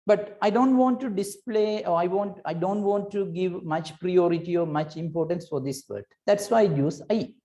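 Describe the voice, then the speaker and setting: A woman's voice: lowish voice, normal speed, few pauses, warm tone. A woman teaching a recorded lesson, patiently explaining and checking in with "right?" between points, with hesitant restarts.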